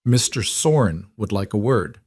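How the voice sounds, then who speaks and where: A man voicing a calm, menacing Russian enforcer with a Russian accent in a storybook reading. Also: lowish voice, measured pace, husky, no echo, studio quality, exaggerated voice. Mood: coldly polite. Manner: calm, coldly polite threats.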